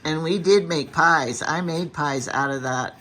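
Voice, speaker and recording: A woman's voice: low voice, unhurried, a bit bright. Chatty older woman chiming in. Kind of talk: casual chat.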